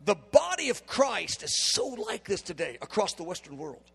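A man's voice: high-pitched, huge pitch swings, moderate pace, creaky, fairly bright tone, slightly rough. A man in his fifties preaching a sermon, emphatic and acting out the dialogue he quotes. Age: 50s. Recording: long hall reverb.

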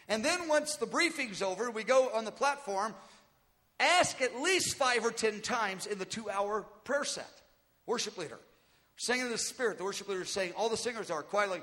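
A high-pitched, bright male preacher delivers an earnest teaching sermon, circling back over his points to drive them home. His voice rings out with a long reverb trailing through a large hall. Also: lively intonation, fast.

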